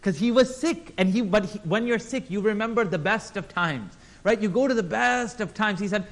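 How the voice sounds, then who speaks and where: A man with a somewhat high voice teaches a religious class in an animated way. He slips into little voices for the people in his stories and keeps firing questions at his listeners. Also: moderate pace, few pauses. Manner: animated, acts out quotes in voices; engages audience with questions. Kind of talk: Islamic class lecture.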